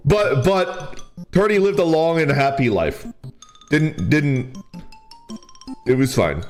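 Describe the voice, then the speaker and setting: A man's voice: on the high side, slow pace, pauses often, faint music behind. A man streaming as a VTuber, telling a story in casual chat, laughing often and peppering his talk with "like" and "right?". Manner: animated, laughs often while talking; full of fillers like "like" and "right?".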